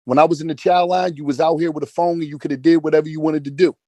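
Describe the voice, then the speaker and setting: Man in his forties, rapid and raised, preaching hustle with relentless profanity. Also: on the high side, fairly even intonation, a little mellow, no room sound. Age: 40s. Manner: profane, emphatic, repeats phrases for emphasis. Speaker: speaker in an online audio chat room. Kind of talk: motivational rant.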